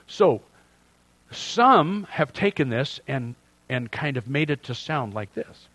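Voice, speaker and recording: Older male pastor, conversational sermon, shifts soft to loud, dry close sound. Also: mid-range voice, slow, no echo. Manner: conversational and animated, swings from soft asides to loud emphatic preaching.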